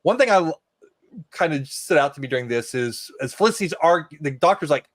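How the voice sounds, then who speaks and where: Man podcast guest, slightly high voice, wry and relaxed, dry close mic. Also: brisk, dry recording. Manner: wry, relaxed, quotes characters with mock outrage. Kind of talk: casual chat recapping a TV episode.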